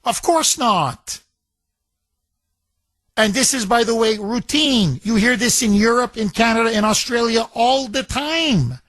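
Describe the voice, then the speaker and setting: Male talk radio host, high and unhurried, indignant and emphatic, dry close mic. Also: fairly bright tone, no echo. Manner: indignant, emphatic, rhetorical questions.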